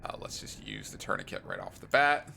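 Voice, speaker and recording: A man's voice: rumbling low, wildly swooping pitch, brisk, gravelly, pushed and bright, whispered. A man streaming a video game, making playful, jokey asides between lines of dialogue. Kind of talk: let's play commentary.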